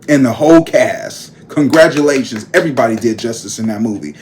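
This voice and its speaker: A man's voice: medium pitch, animated, normal speed, few pauses, slight background noise. A man hosting his own vlog, chatting casually and emphatically to his viewers. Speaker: tarot reader and vlog host. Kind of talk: casual chat to camera.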